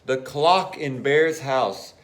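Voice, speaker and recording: A man who teaches English reading a storybook aloud to children, slowly and expressively. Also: medium pitch, slight background noise. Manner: slow, expressive, animated.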